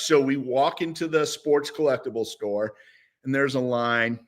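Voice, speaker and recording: A man's voice: medium pitch, unhurried. A man in his sixties, a former football player, telling stories as a guest in a casual interview. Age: 60s. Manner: animated storyteller.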